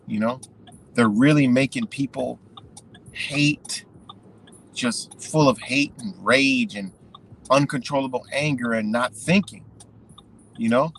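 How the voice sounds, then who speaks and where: A man's voice: medium pitch, slow, pauses often, a bit bright, a little hiss or hum, poor audio. A man giving a profane, rambling unscripted monologue, full of "you know" and "man".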